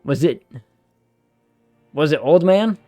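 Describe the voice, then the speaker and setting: A man's voice: fairly high pitch, expressive, slow pace, mellow, dry recording. Male streamer, casual and chatty, dry mic with faint game music behind. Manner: chatty, loose, swears casually. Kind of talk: casual gaming stream chat.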